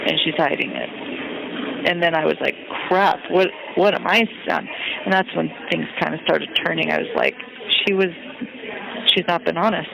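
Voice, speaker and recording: A woman on a recorded phone call, talking haltingly and searching herself, with many restarts. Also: deep voice, fairly even intonation, gravelly. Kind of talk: confessional phone conversation. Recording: phone call with crowd noise.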